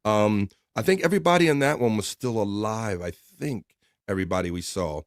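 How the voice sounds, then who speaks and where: A man's voice: on the low side, a little fast, dry recording, clean studio sound. A man hosting a casual livestream from the US East Coast, reading chat messages aloud and chatting loosely with lots of filler words. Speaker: live stream host reading chat.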